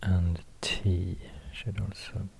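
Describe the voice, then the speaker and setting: A man with a Swedish accent rambling quietly in soft-spoken ASMR, half-whispering and pausing often. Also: low-pitched, flat delivery, creaky, background noise. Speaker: ASMR creator.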